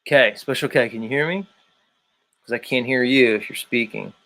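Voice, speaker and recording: A man's voice: medium pitch, normal speed, sharp tone. A man hosting a livestream, ranting emphatically and swearing often. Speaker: livestream host. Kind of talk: profane rant.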